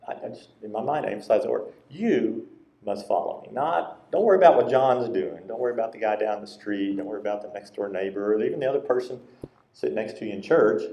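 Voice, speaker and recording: A man with a low, mellow voice preaches a sermon, talking to the congregation in a conversational way. He jumps into a higher, livelier voice when he acts out quoted lines. His words carry the echo of a large church sanctuary. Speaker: pastor. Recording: roomy church sanctuary sound.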